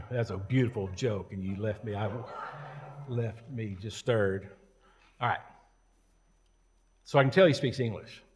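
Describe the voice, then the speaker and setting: A man's voice: fairly low pitch, a little slow, long pauses, in a large hall, noisy background. A male preacher tells a story from the pulpit in a loose, conversational manner. His tone is folksy and full of jokes, and he talks to the congregation like friends. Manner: casual, joking, folksy. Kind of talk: sermon storytelling.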